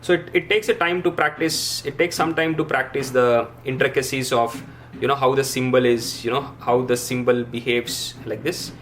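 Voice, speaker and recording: A man teaching a language lesson, patiently repeating each syllable and pausing with frequent "uh"s. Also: medium pitch, fairly even intonation, a bit bright, slight background noise. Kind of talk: explaining a writing lesson.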